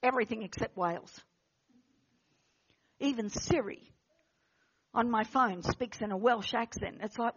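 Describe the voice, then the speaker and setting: A woman preaching an impassioned sermon, swinging between loud exhortation and hushed intensity, with frequent restarts. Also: a little high, normal speed, long pauses, slightly rough, lo-fi sound. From Australia. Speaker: guest preacher.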